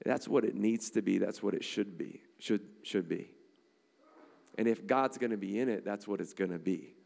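A man preaching a sermon to a church congregation, energetic and conversational, often checking in with "all right?" and "amen?". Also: fairly low pitch, creaky. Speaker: pastor. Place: church sanctuary. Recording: long hall reverb.

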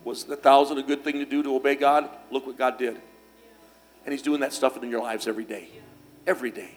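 A man's voice: mid-range voice, steady tone, a little fast. A man delivering a church sermon, mixing scripture with homespun stories. He talks in a folksy, easygoing way, full of little fillers and restarts, with faint music behind him. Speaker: pastor.

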